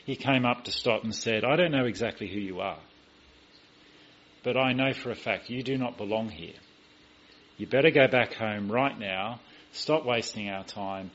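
A man's voice: fairly low pitch, a bit bright, highs cut off, slight background noise. A man preaching a sermon, telling stories emphatically and acting out the quoted voices. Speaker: pastor.

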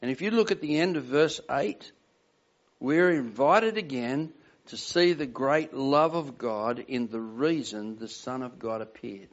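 A man's voice: medium pitch, a little slow. Earnest older male preacher, lo-fi. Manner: earnest, emphatic, asks the congregation questions. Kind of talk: sermon. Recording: dull lo-fi sound.

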